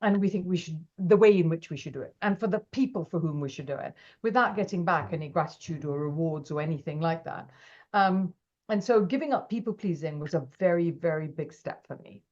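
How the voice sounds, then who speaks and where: Brief: woman, middle-aged, expressive storyteller, slightly low pitch, muffled remote audio. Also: brisk. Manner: animated, acts out quoted voices, laughs often. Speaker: podcast guest. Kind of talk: casual interview storytelling.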